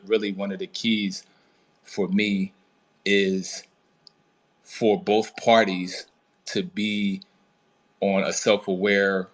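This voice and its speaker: Deep-voiced man, measured and halting. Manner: measured, halting, many fillers. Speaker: trauma recovery coach and host. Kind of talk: reflective casual talk.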